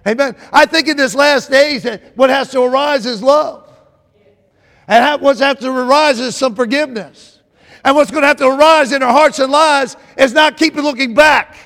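A man preaching a sermon, often repeating phrases, calling out to his congregation for a response, and rising to shouts at the peaks. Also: very high-pitched. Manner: rises to shouting at climaxes. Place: church sanctuary. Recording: long reverb of a large hall.

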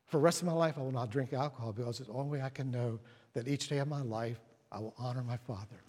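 A man preaching a sermon at a church service, telling stories and dropping to hushed tones for emphasis. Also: medium pitch, fast talker, breathy edge. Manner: storytelling, drops to hushed tones. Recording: long hall reverb.

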